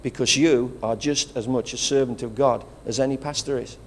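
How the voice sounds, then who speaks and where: A man's voice: mid-range voice, steady tone, normal speed, a little hiss or hum. A man with a regional English accent, preaching a sermon as pastor, rousing and conversational, with calls of praise. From England.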